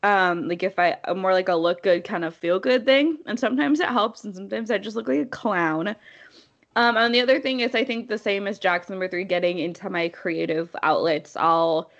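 A young woman co-hosting a podcast in casual chat, animated and laughing often. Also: mid-range voice, moderate pace, muffled recording. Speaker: podcast co-host.

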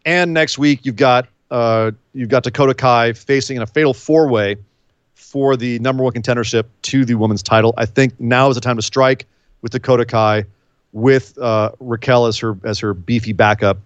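A man holds forth in easy podcast chatter, animated and quick with incredulous asides. His voice sits at an ordinary middle pitch. The recording is dull and lo-fi, with a dry, close sound. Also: clear, resonant tone, no echo. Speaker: podcast co-host. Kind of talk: casual wrestling chat.

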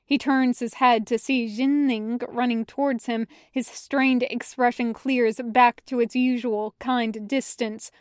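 A woman reading a fan fiction story aloud as a podfic, in a measured storytelling way. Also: fairly high pitch, steady tone, clean tone, no room sound, studio quality. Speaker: podfic reader. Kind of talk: audiobook narration of fan fiction.

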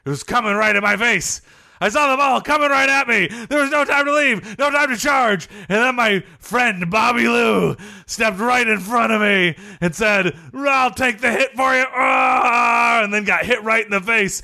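A young man guesting in an improvised comedy interview, telling tall tales in an over-the-top, melodramatic way, often shouting. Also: high-pitched, normal speed, creaky.

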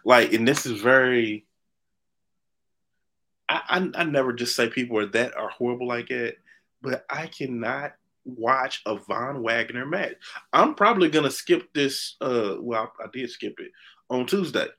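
A man co-hosting a podcast in casual chat, animated and opinionated, often restarting his sentences. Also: medium pitch, measured pace. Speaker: podcast co-host.

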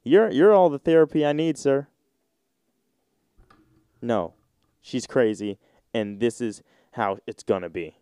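A man's voice: mid-range voice, unhurried, pauses often, smooth, no echo. Dry-voiced young man ranting on a podcast. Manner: animated storytelling with mocking put-on voices. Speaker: podcast host. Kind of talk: casual solo podcast rant.

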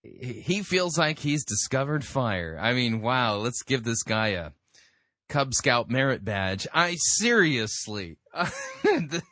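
A man's voice: mid-range voice, sing-song, slow, bright, forceful tone, no room sound, studio quality. A man giving sarcastic commentary on a sermon, with laughing asides. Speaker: podcast host mocking a sermon.

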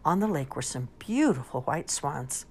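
A woman reading storybooks aloud in an expressive, lively storytelling manner. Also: low-pitched, moderate pace, slight background noise. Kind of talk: animated storybook read-aloud.

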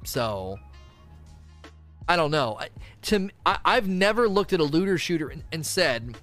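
A man's voice: a little high, animated, normal speed, fairly bright tone. Chatty man rambling over faint music. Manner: rambling, restarts often, acts out voices mid-rant. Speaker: gaming streamer. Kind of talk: casual stream chat answering viewers.

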